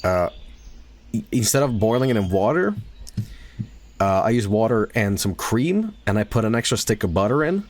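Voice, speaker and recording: A man streaming a game, chatting casually and rambling through a story, swearing and laughing loudly. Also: fairly low pitch, very animated, moderate pace, long pauses. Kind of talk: casual live-stream chat while gaming.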